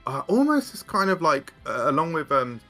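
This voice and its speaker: Man, casual card chat, bright clear voice, faint music behind. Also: on the high side, big pitch swings, normal speed. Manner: hesitant, rambling with fillers and restarts. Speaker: guest card game content creator.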